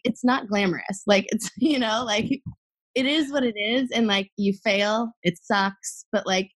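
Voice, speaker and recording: Young woman podcast guest, mid-pitched voice, rambling and earnest, filler-heavy. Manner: chatty, gushing, many fillers. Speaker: guest, athlete. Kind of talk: casual podcast conversation.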